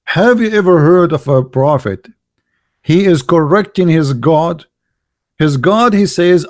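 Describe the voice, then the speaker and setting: A man's voice: a little high, animated, measured pace. A man giving a mocking polemical monologue, full of rhetorical questions and broken grammar. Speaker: religious commentator.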